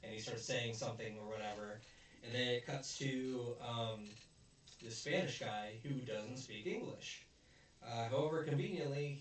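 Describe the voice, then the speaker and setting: A man hosting a casual film review chat, rambling and searching for words as he acts out quotes. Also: medium pitch. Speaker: video host, film reviewer. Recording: very echoey room, distant mic, faint noise.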